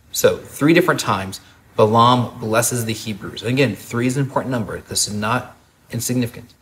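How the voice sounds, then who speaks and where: A man preaching a sermon as a pastor, and told the story in a lively, humorous way. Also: mid-range voice, a little hiss or hum.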